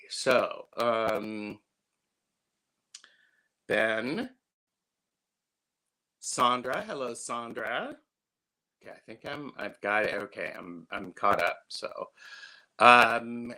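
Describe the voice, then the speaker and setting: A man's voice: fairly low pitch, sharp tone. A man in his fifties hosting a casual livestream, chatting and greeting viewers by name. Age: 50s. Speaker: livestream host.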